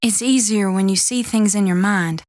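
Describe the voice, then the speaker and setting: A woman voicing a teenage girl with eerie powers, speaking softly and menacingly in a dry, close reading. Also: mid-range voice, moderate pace, no echo, close to an everyday voice. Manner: soft and quietly menacing.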